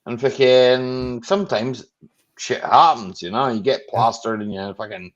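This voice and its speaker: A man's voice: medium pitch, unhurried, muffled recording. A Scottish man hosting a casual live chat, blunt and sweary, who keeps checking in with "right? okay?". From Scotland. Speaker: livestream host.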